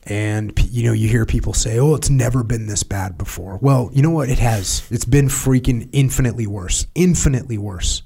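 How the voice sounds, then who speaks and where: A man from the United States hosting a podcast, talking in an earnest, halting way with many restarts and fillers. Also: mid-range voice, creaky, warm tone, husky. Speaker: podcast host. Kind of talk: casual podcast chat.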